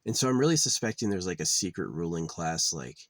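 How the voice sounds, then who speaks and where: Deep-voiced guy ranting and cursing, keeps repeating himself, dead dry room. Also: very animated, brisk, fairly bright tone, no room sound. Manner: agitated, profane, repeats himself. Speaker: vlogger. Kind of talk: ranting monologue.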